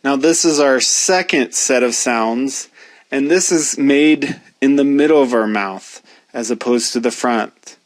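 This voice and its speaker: A man teaches pronunciation at an unhurried pace, spelling out each sound with care. His voice sits at a middle pitch, and the recording is dry and close. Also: no echo. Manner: slow, deliberate, demonstrates sounds. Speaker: language teacher. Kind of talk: pronunciation lesson.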